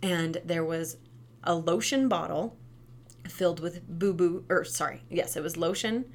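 A woman's voice: a little slow, slight background noise. Chatty woman giving parenting advice. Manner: animated, acts out quoted kids and parents with big pitch jumps; conversational, keeps asking "right?". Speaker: parenting educator, former preschool teacher. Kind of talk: casual parenting advice talk.

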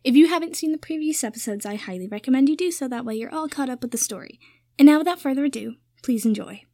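A woman hosting a fan fiction reading, telling the story in an even, clear way. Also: high-pitched, fast talker, no echo, clean studio sound.

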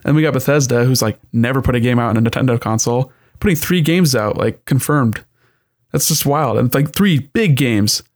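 A man chatting casually on a gaming podcast, in a middle-pitched voice. He rambles easily, hedging his points with plenty of "like" and "I mean". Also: brisk. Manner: relaxed, rambling, frequent "like" and "I mean". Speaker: podcast co-host.

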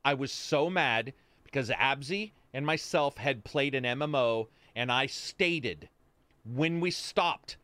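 A man's voice: mid-range voice, takes it slowly, no room sound. A man hosting a casual voice chat, telling stories with lots of swearing and acted-out quotes of his friends. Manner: animated storytelling, swears, acts out friends' lines. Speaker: streamer host.

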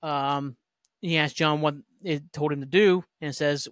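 A man's voice: on the high side, unhurried, no echo, clean studio sound. Profane, rambling man recapping a show. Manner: rambling, profane, animated retelling with quoted lines. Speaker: podcast host. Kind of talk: casual solo rewatch recap.

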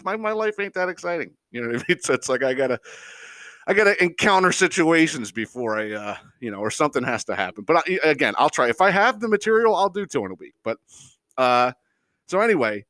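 A man riffs unscripted on his podcast, cursing freely and rambling through exasperated complaints. His slightly high voice leaps around in pitch. The sound is dry and close, with no room around it. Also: a bit bright, no echo. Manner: profane, exasperated, mocks people in quick impressions; rambling, unscripted, frequent fillers and chuckles. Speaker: podcast host. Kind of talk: casual comedic rant.

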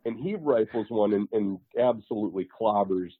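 A man's voice: on the low side, normal speed, husky, no room sound. A man co-hosting a podcast in casual chat, rambling through his stories. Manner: rambling, many fillers and restarts. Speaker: podcast co-host. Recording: tinny phone-like line, dry.

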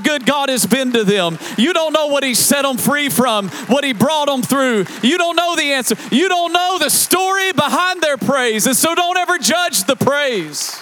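High, bright-voiced preaching pastor. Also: male voice, a little hiss or hum. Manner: passionate preaching, building to shouts; repetitive rhythmic cadence. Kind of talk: sermon.

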